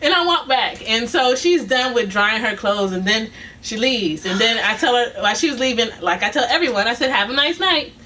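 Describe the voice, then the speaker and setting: A woman's voice: a little high, a little fast, sharp tone. A woman telling a casual story, acting out both sides of an argument and laughing often. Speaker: vlogger telling a work story. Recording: distant mic with faint noise.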